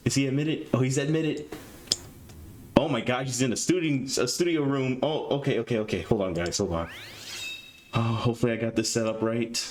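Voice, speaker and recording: A young man hosting a live stream in casual chat, nervous and excitable, stammering and rambling. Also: medium pitch, fairly quick, slight background noise. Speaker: streamer host.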